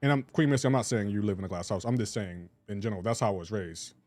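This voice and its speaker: A man's voice: on the low side, fast talker, darkish tone, soft background music. A man in his thirties chatting casually with viewers during a live game stream, teasing and laughing often in slangy banter.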